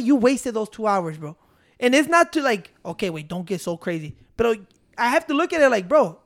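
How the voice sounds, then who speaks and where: A young man chatting casually in a rambling, profane, animated way, switching between English and Spanish. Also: high voice, vocal fry.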